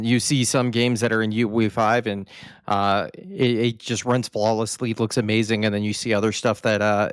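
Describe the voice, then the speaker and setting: Male podcast host, lowish and smooth, hesitant casual delivery, dry close-mic sound. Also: no room sound. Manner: hesitant, many "uh" and "um" fillers.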